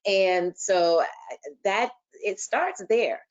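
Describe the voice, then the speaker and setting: A woman's voice: mid-range voice, slow. A woman panelist speaking earnestly and steadily in a webinar discussion over a video call. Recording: dull lo-fi call audio.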